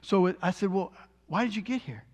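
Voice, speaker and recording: A man who is a deliverance minister, telling a testimony as an animated storyteller, laughing often and repeating lines for emphasis before he preaches. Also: high-pitched, a little fast.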